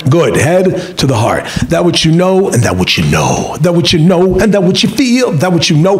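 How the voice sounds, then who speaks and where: A middle-aged man speaks as a rabbi in a seminar room, his voice sitting a little high for a man. He talks in an animated, joking way, tells stories to young students and acts out the lines he quotes with big jumps in pitch. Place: lecture room with an audience.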